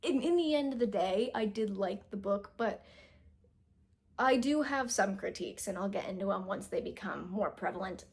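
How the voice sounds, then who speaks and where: A woman's voice: mid-range voice, expressive, moderate pace. A young woman casually reviewing a book to camera, chatty and self-deprecating, full of fillers and restarts, and stumbling over words when she reads passages aloud.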